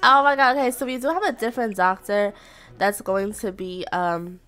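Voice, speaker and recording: A young woman casually commentating a life-simulation game as channel host, chatty and excitable, often laughing. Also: medium pitch, moderate pace, smooth. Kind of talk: casual let's-play commentary.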